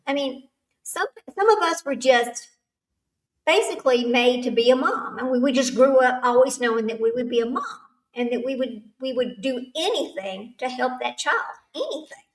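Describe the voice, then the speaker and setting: Older woman, livestream host, rambling chatty manner with laughs; sits back from the mic. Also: sits high. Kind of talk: casual chat with live chat. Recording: echoey room, far from the mic.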